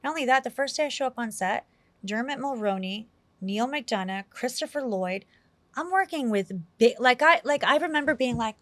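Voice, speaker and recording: A woman from New York City, an actress, telling stories as a guest in a casual interview. She is animated, acts out her own past lines, and says "like" often. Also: a little high, moderate pace, dry recording. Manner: animated, quotes herself often, heavy use of "like".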